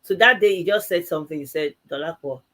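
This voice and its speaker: A woman co-hosting a live church talk show, telling stories in a casual and animated way, laughing often and acting out both sides of each exchange. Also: lowish voice, fast talker. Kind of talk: casual conversational storytelling.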